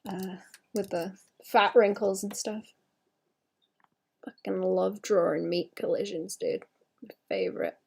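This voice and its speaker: A woman's voice: medium pitch, fairly even intonation, a little slow, creaky, long pauses, a little mellow, slightly rough. A woman in her late twenties, an artist chatting casually on a livestream while drawing, swearing freely and laughing at herself. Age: late 20s.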